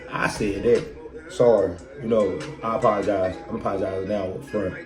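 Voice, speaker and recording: A podcast host with a lower voice talks briskly, with fairly even intonation. He gives a crude, straight-talking motivational monologue peppered with rhetorical questions. Loud music and room echo sit behind him.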